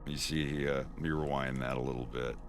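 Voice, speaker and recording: A man's voice: extremely low pitch, fairly even intonation, brisk, faint music behind. A man casually explaining his animation on a stream, rambling with frequent restarts. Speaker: animator showing his work.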